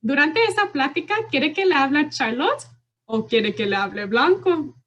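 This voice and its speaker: A woman voicing a playful stuffed-animal puppet in a funny, high voice. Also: lively intonation, moderate pace, a bit bright, muffled recording.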